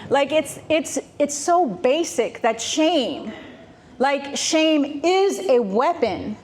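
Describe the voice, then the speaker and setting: A woman podcast guest telling a story in slangy, animated conversation, laughing often. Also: high voice, slow pace. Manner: laughing, slangy, lots of restarts.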